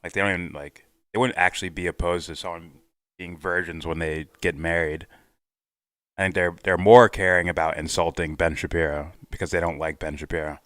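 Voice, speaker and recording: A man hosts a casual reaction livestream, reading chat aloud and arguing his points in a rambling way. His voice is low and fairly quick, a bit bright, with little pitch movement and no echo.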